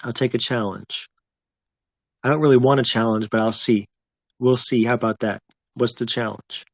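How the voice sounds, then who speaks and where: A man's voice: medium pitch, fairly even intonation, normal speed, dry recording. A man hosting a casual livestream, chatting with viewers in a rambling, laid-back way. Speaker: livestream host.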